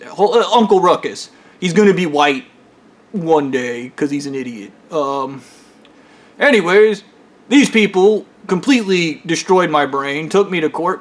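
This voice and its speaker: A man with a fairly high-pitched voice rambles through a personal story in a loose storytime monologue. He swears constantly and keeps restarting his sentences with "um" and "like". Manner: profane, rambling, full of fillers and restarts. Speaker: storyteller recounting his own experiences.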